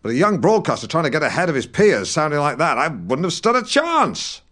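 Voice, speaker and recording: Alan Partridge, pompous riled broadcaster. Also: male voice, a little high, big pitch swings, a little fast, fairly bright tone. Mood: ranting. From Norfolk. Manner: pompous, defensive, rambling, easily riled. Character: pompous, touchy middle-aged male broadcaster. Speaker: podcast host. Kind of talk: comic scripted monologue.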